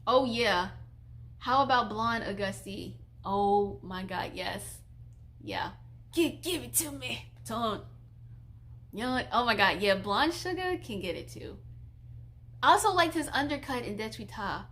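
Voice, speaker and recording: A woman's voice: medium pitch, expressive, measured pace, fairly bright tone. A woman in her twenties streaming casually, chatty and giggly, gushing like a fan while reading viewer questions. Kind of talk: casual live-stream chat.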